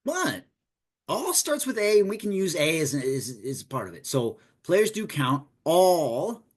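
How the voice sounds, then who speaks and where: A man's voice: fairly high pitch, unhurried, slightly rough. Man explaining story beats informally. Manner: animated, digressive, conversational explaining. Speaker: game master teaching storytelling. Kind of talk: informal lesson.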